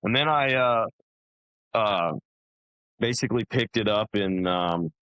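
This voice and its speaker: A man's voice: lowish voice, unhurried, pushed and bright, clear, resonant tone, no echo, lo-fi sound. A young man, a podcast guest, telling his story in a casual, rambling way, full of fillers and restarts.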